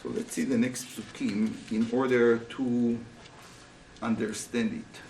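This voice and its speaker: A man teaching a Torah class as a rabbi, speaking with animated rhetorical questions to his students. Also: medium pitch, slow, vocal fry, slight background noise. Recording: roomy, voice from a distance.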